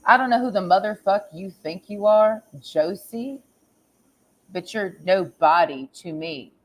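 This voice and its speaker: Speaking at a measured pace in a mid-range voice, a woman from Texas vlogs a confrontational, crude monologue. She curses nonstop and rambles on with trailing "and"s.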